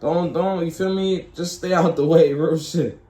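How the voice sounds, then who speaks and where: Slangy young streamer with a dark, mellow voice. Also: male voice, a little high, steady tone, measured pace, reverberant, poor audio. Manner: slangy, rambling, repeats "you feel me". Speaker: streamer reacting to a clip. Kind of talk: casual reaction commentary.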